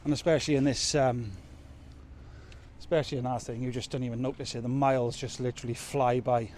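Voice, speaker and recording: Loading his truck at an outdoor yard in the rain, a vlogging trucker keeps up a casual, rambling, self-mocking chatter. He talks briskly in a steady, mid-range voice with a slightly mellow quality. Slight background noise is present.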